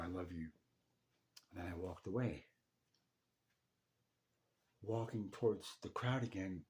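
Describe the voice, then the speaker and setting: A man's voice: low voice, a little mellow, a little hiss or hum. A young man speaking directly to his late father, telling a raw, emotional story of his parents' funeral and swearing freely. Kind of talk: emotional personal monologue.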